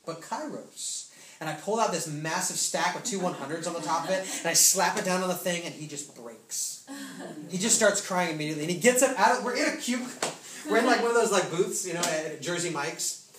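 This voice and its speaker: Male preacher, casual slangy storytelling, sudden excited bursts, echoey church room, faint background noise. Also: sits high, fairly quick. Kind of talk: testimony sermon.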